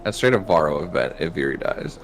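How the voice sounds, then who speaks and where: A man's voice: extremely low pitch, lively intonation, fast, faint music behind. A man joking offhandedly with friends on a group voice call. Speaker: player in a group game stream. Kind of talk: casual group chat.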